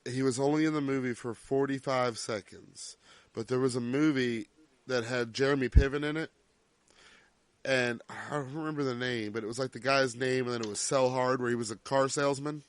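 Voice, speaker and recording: A man's voice: mid-range voice, steady tone, normal speed, no room sound. A man co-hosting a casual podcast chat, telling crude movie stories with laughter. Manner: laughing, profane storytelling. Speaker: podcast co-host.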